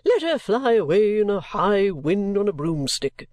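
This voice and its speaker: A woman doing a gruff, blunt old gentleman. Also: mid-range voice, big pitch swings, dry recording. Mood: grumbling. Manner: slow, blunt, grumbling. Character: gruff odd older gentleman in a coach.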